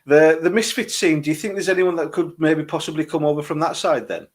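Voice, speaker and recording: A man hosting an interview, asking relaxed questions and giving short agreeing replies. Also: fairly high pitch, brisk. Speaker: host. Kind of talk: casual interview.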